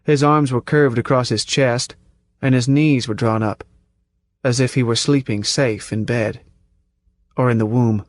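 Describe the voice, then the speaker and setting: A man reading a first-person story aloud at a measured, tense pace, close to the mic. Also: medium pitch, fairly even intonation. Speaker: audiobook narrator. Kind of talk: first-person audiobook narration.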